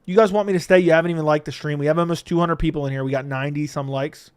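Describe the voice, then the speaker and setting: A man hosts a casual live MMA stream from home and teases his chat as he reads their messages. His voice sits a little high and comes across smooth and resonant. The sound is dry and close to the mic, with no room behind it. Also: steady tone, rapid-fire, no room sound. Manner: joking, laughs often, playful teasing of chat. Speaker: MMA livestream host. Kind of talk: casual livestream chat reading viewer comments.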